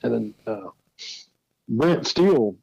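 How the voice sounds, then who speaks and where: A rifle builder appears as a guest, telling folksy anecdotes in an easygoing way and chuckling throughout. His mid-range voice is expressive, slow and darkish, with vocal fry and a breathy edge; the recording has no echo and the highs are cut off.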